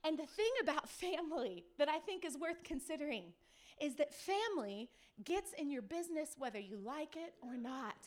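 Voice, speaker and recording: Very high-voiced woman pastor preaching. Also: normal speed. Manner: lively storytelling, acts out quoted people; speaks to the audience directly with questions. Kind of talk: sermon.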